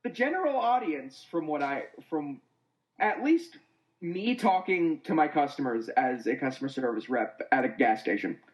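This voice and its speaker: A man on a casual podcast chat, talking in a rambling, halting way. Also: fairly high pitch, animated, low-quality recording.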